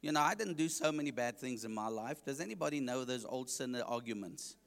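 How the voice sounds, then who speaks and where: A man's voice: mid-range voice, animated, fairly quick, creaky, in a large hall. A man with a South African accent, an evangelist preaching his testimony to a congregation, joking and asking the listeners questions.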